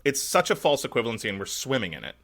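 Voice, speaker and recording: A man's voice: mid-range voice, sing-song, very fast, a bit bright. A man co-hosting a podcast, ranting casually about politics with sarcasm and profanity. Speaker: podcast co-host.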